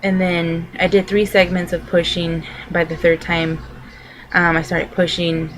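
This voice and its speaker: A woman's voice: lowish voice, level tone, unhurried, a little hiss or hum, low-quality recording. A young adult woman vlogging, telling a personal story to camera in a loose, rambling way full of filler words.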